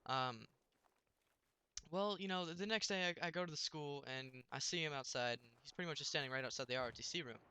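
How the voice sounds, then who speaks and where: A man's voice: on the high side, brisk, pushed and bright, smooth. Young man rambling over gameplay. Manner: rambling storytelling with many restarts. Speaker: gameplay commentator. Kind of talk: casual gameplay commentary.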